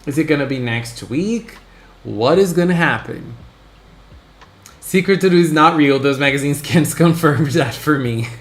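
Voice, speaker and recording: A man hosting a casual live stream, excitably chatting and greeting his viewers one by one. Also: mid-range voice. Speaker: livestream host. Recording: roomy echo.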